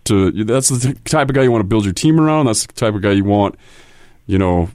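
A man's voice: lowish voice, a little fast, darkish tone, no room sound, studio quality. A man who runs hockey camps, chatting casually about players and telling stories, often restarting his sentences. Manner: rambling, restarts sentences, storytelling. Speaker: hockey camp coach and co-host.

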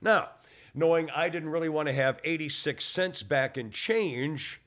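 A man's voice: on the high side, measured pace, fairly bright tone. An older man, hard of hearing, chatting casually and telling a rambling story full of restarts that gets more worked up as it goes. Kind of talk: casual chat.

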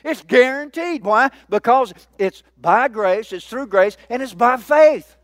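A pastor in full sermon, his voice sitting high for a man. He jokes and keeps prompting the congregation as he goes. The sound is dry, with no room echo. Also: unhurried. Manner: lively, joking preacher who calls out to the congregation.

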